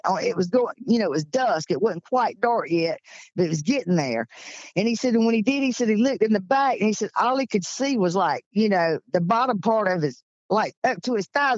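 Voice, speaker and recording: A woman's voice: on the low side, dry recording, dull audio. A woman in her sixties from Georgia with a Southern accent, telling stories as an interview guest and acting out the voices of the people in them. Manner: lively storyteller acting out quoted voices. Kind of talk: storytelling in an interview.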